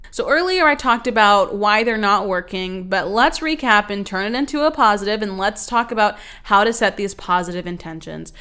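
A young woman with a mid-range, slightly bright voice hosts a self-help podcast. Her casual self-help talk is earnest and rambling, with many fillers.

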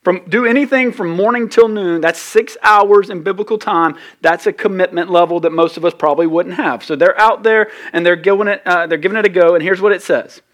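Male pastor, slightly high voice, chatty and animated sermon delivery with big swings in loudness. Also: fairly quick, few pauses. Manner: conversational, animated preaching with sudden loud peaks and drops.

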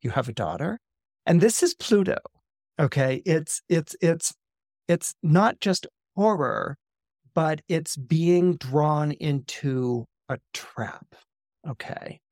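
Animated man retelling a film story. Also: a little high, takes it slowly, dry recording, clean studio sound. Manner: animated, many fillers and restarts, acts out quotes. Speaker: astrologer.

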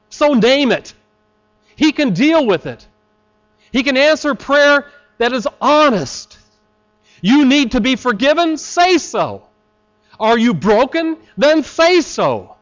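A man preaching a sermon, slow and deliberate, with dramatic pauses. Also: very high voice, fairly bright tone. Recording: slightly dull lo-fi recording.

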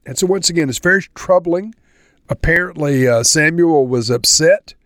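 A man's voice: a little high, normal speed, fairly bright tone, dry recording, clean studio sound. A man teaching verse by verse through a Bible chapter in a conversational, earnest way. He reads passages aloud, explains them, and closes with a spoken prayer.

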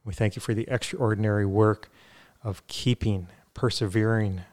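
A man's voice: fairly low pitch, steady tone, moderate pace, a little mellow. A man talking earnestly on a faith podcast, with many fillers and restarts, then leading a prayer.

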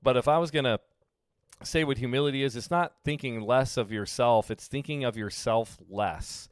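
A man preaching as a pastor in a relaxed, conversational sermon, often acting out what people say. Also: medium pitch, normal speed, clean tone, no echo, studio quality. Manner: conversational, with frequent fillers and acted-out quotes. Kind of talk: casual sermon teaching.

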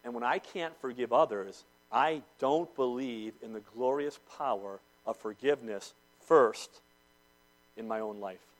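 Delivering a sermon in church, this pastor shifts from booming proclamations to quiet, intense moments before his congregation. He's a man with a medium-pitched voice and an unhurried pace.

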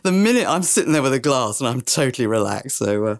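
Woman, interview guest, self-mocking raconteur; very expressive pitch, dry close sound. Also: quick pace, dry recording. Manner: lively, self-mocking storyteller. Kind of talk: anecdotal interview chat.

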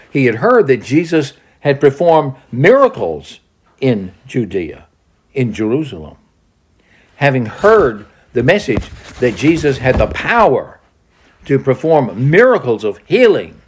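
Slow, lively male Bible teacher. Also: mid-range voice, husky. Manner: slow, lively storytelling with dramatized quotes. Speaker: preacher.

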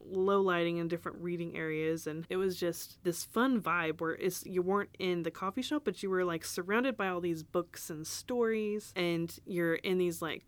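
In casual storytelling on her podcast, this business owner rambles and chats, laughing often. She has a lowish voice, and the recording has no room sound.

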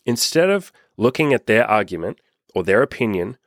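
Man, podcast host, relaxed self-help talk, swears a lot, deep voice, dry sound. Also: normal speed, no room sound. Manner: laid-back, swears often, talks to listeners directly. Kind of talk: casual self-help monologue.

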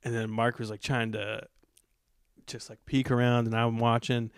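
A man's voice: mid-range voice, level tone, normal speed, clean tone, no room sound, studio quality. A man hosting a podcast, telling a story in a laid-back, rambling way. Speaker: podcast host. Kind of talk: casual storytelling chat.

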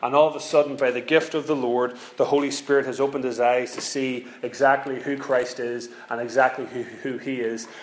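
A man's voice: medium pitch, flat delivery, brisk, hardly any pauses, a little hiss or hum. A man preaching a sermon with an impassioned, repetitive cadence. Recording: echoey room.

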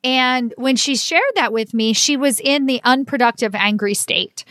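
A woman's voice: fairly high pitch, moderate pace, fairly bright tone, dry recording, studio quality. A middle-aged woman, a leadership coach talking through a solo podcast episode in an earnest, chatty way, full of "like" and "right?". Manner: conversational, fillers like "like" and "right?".

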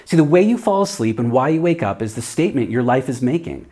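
A man's voice: medium pitch, big pitch swings, quick pace, dark tone. A man giving a casual video sermon as a preacher, talking conversationally with many rhetorical questions and playful asides.

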